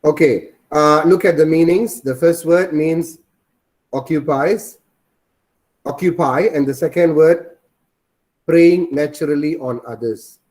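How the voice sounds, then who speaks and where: A man's voice: on the high side, measured pace, darkish tone. A man teaching an online class over a video call, repeating his points and quizzing the students.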